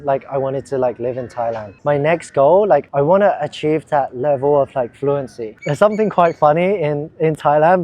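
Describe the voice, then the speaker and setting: A man's voice: a little high, a little mellow, dull audio. A chatty young man from England, talking casually in a vlog outdoors in a park, full of fillers. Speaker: vlogger.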